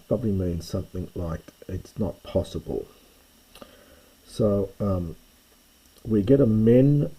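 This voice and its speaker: A man's voice: deep voice, mellow, slightly rough, poor audio. A man teaching a close reading of an ancient text, thinking aloud with hesitations and self-corrections. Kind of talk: unscripted close-reading lesson.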